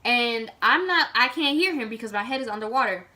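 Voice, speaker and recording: A woman vlogger telling a story to camera in a casual, animated way, full of "like" and dramatic retelling. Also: fairly high pitch, fairly quick.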